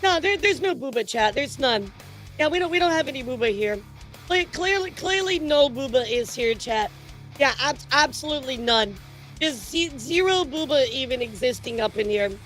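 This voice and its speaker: A woman streaming live, chatting casually with viewers in an excitable way, laughing, swearing and stammering through repeats. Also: high voice, normal speed, soft background music, poor audio. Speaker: livestreamer. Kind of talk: casual livestream chat with viewers.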